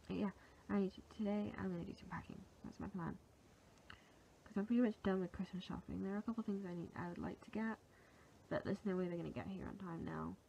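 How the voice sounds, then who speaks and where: A woman's voice: mid-range voice, creaky, warm tone, slight background noise. A young woman with a sore throat, chatting casually and rambling through her plans in a home vlog. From England. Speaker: vlogger. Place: at home, indoors.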